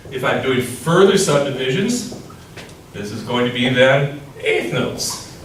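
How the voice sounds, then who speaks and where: A man's voice: medium pitch, big pitch swings, a little slow, a little hiss or hum. Male music teacher, explanatory lecturer who chants rhythms, recorded far from the mic in a very echoey room. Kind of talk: classroom lecture.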